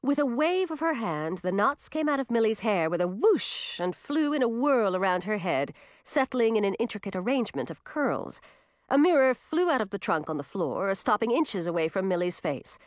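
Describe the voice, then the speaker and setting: A woman reads a fairy-tale story aloud with an expressive, animated delivery. Her pitch rises and falls widely, and the recording is close and dry with no room sound. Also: moderate pace, no echo. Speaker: narrator. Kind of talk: scripted storybook narration.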